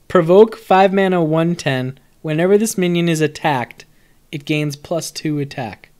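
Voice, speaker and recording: A young man streaming live as he reviews a card set. His talk is loose and lively, full of jokes and swearing, and he answers viewers in chat as he goes. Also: on the high side, slow. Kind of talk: casual live-stream commentary.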